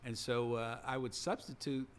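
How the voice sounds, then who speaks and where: A retired man in ministry speaks in an earnest, measured way as he reflects on his own life. His voice sits mid-pitch, with faint ambient noise behind him. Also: flat delivery. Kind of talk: reflective personal sharing.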